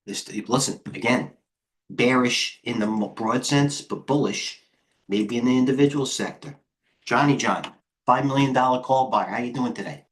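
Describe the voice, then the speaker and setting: A middle-aged man with a medium-pitched voice hosts a live trading stream as head trader. He's out of breath and talks fast and excitably, flipping through charts and addressing viewers in the chat.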